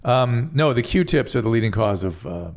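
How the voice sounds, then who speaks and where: A man's voice: mid-range voice, lively intonation, normal speed, a little mellow. A man hosting a podcast interview in casual chat, teasing and chatty, with a doctor's asides. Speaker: podcast host.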